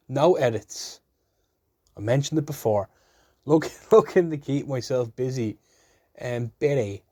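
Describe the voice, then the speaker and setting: A man's voice: mid-range voice, moderate pace, warm tone, no echo, studio quality. A young man hosting a solo podcast, rambling casually with jokes and swearing. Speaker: podcast host.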